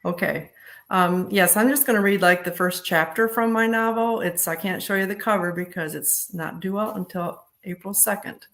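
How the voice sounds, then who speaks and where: Author reading own fiction, plain and steady, gravelly, mid-pitched. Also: normal speed. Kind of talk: reading aloud from own novel.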